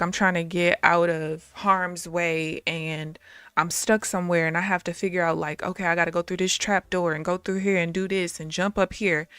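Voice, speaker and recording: A woman telling stories on a live stream, animated and blunt, laughing often and swearing freely. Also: on the low side, clear, resonant tone, no room sound. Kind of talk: casual storytelling on a live stream.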